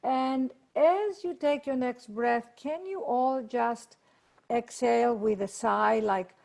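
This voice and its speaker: A woman leading a guided meditation and prayer over a video call, speaking in a slow, soothing way. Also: on the high side, vocal fry, a little mellow. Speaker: workshop leader.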